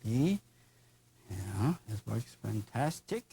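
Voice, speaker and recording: A man's voice: fairly low pitch, very animated, takes it slowly, vocal fry, mellow, breathy edge, poor audio. An older man with a German accent, teaching a painting lesson in an enthusiastic, folksy, chatty way with playful asides. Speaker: painting instructor.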